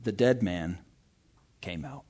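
A man's voice: lowish voice, lively intonation, slow pace, mellow. A young man giving a casual, conversational sermon, reading scripture and often checking in with "right?". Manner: chatty, self-interrupting, often asks "right?". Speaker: pastor.

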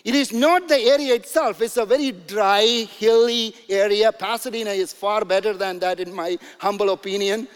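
High-voiced pastor in a reverberant hall. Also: male voice, fairly even intonation, normal speed, hardly any pauses, clean tone. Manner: conversational, filler-heavy storytelling with chuckles. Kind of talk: sermon.

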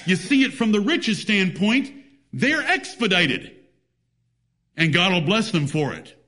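A man's voice: high-pitched, very animated, measured pace, pushed and bright. A man preaching a sermon, emphatic, reading scripture in old-fashioned biblical wording.

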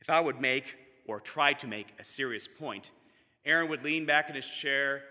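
Man, earnest testimony speaker; very bright tone, reverberant hall. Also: mid-range voice, moderate pace. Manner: earnest storytelling with emphatic build-ups. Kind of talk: personal testimony sermon.

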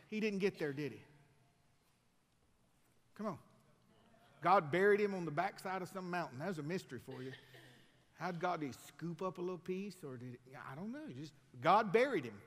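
A man preaching a sermon as pastor, building to shouted emphasis and dropping into folksy asides. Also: fairly high pitch, expressive, moderate pace, in a large hall. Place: church sanctuary.

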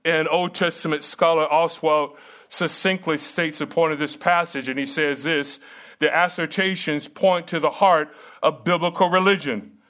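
A man's voice: a little high, fairly even intonation, measured pace, a bit bright. A middle-aged man preaching a sermon and teaching at a seminary, earnest and emphatic with rhetorical questions.

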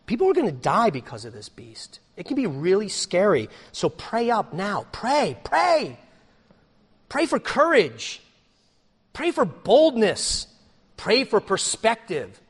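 A man's voice: high voice, big pitch swings, unhurried, a bit bright, slightly rough. A man preaching a sermon as pastor, acting out small scenes as he goes. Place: church sanctuary. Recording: long reverb of a church hall.

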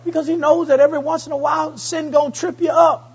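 Fervent high-voiced man preaching a sermon. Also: flat delivery, fast, dull audio. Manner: call-and-response preaching, rising to fervent peaks; repeats phrases for emphasis. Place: church service.

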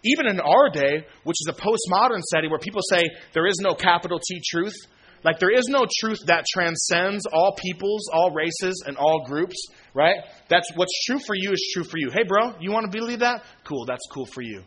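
A man in his thirties preaching a sermon in a relaxed, slangy way, acting out conversations with old friends. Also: high voice, moderate pace, slightly rough. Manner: casual, slangy, acts out quoted friends with laughs. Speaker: pastor.

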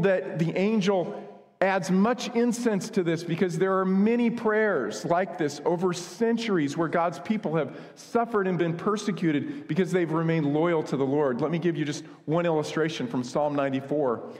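American guy preaching, chatty and earnest, bit higher voice, big echoey church. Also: normal speed, darkish tone. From United States. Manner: earnest, conversational teaching with asides and humor. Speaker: pastor. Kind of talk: sermon. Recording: long hall reverb.

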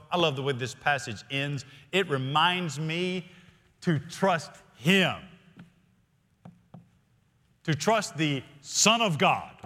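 Earnest preacher man in a reverberant hall. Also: fairly high pitch. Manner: earnest preaching, slows and drops to quiet emphasis. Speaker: senior pastor. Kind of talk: sermon. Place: church sanctuary. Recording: long reverb of a large hall.

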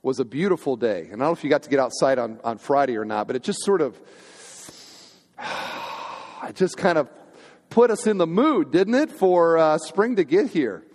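In a church sanctuary with a long, echoing hall reverb, a senior pastor preaches to his congregation in a chatty, funny style and often throws questions out to the room. His voice is fairly high and darkish in tone, with lively intonation and a normal speaking speed.

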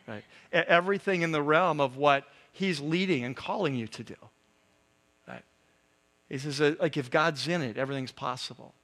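High-voiced man preaching conversationally. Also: bright, forceful tone. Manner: conversational preaching with many asides and "right?". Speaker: pastor. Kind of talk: sermon.

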